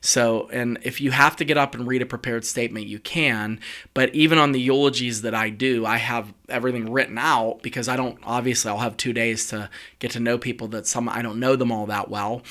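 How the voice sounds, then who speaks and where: A middle-aged man, an executive communication coach, giving direct conversational advice with lively asides. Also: mid-range voice. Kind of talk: coaching talk, advice on eulogies.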